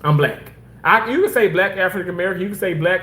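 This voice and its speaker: A man casually telling personal stories in an animated, rambling way, repeating himself for emphasis. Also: high voice, quick pace, roomy sound. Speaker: former hospital surgical worker.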